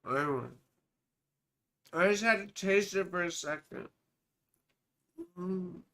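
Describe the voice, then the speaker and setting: A woman reads a viewer's chart on a live stream at an unhurried pace, and her tone is bright and a little tense. She wanders off into asides and apologies. She keeps calling the listener sweetheart and baby. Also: lowish voice, expressive. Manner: rambling, drifts into asides and apologies. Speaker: astrologer.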